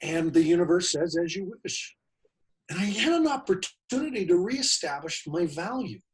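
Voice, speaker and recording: A man's voice: high-pitched, very animated, moderate pace, slight background noise, rough recording. A man in his late forties giving a personal motivational talk, emphatic and fond of repeating key phrases. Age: late 40s. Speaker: motivational speaker.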